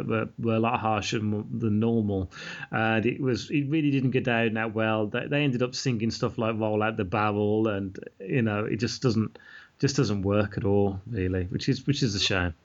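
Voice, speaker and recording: A man's voice: fairly low pitch, moderate pace. A man hosting a casual podcast chat, reading facts aloud from notes with frequent ums and uhs. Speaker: podcast host. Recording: slightly dull lo-fi sound.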